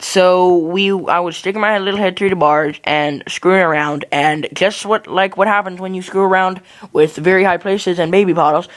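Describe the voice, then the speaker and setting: Young guy rambling a story while gaming, gravelly fry, keeps correcting himself. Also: fairly high pitch, fairly bright tone. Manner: rambling, jokey, self-correcting. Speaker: gaming channel host. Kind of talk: casual storytelling during a game.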